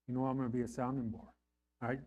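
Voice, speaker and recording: A man's voice: mid-range voice, little pitch movement, fast talker, darkish tone. A man preaching a sermon in an earnest, conversational way, often checking in with his listeners. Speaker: pastor.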